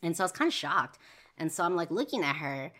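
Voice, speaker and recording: A woman's voice: fairly low pitch, lively intonation, fast talker, pushed and bright. A young woman hosting a podcast, telling a personal story in a rambling way full of "you know" and "like". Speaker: podcast host.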